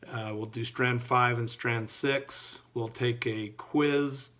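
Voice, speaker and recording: Speaking slowly at a medium pitch, a middle-aged male entrepreneurship instructor delivers a recorded class update. His manner is easygoing and homespun, with lots of filler words.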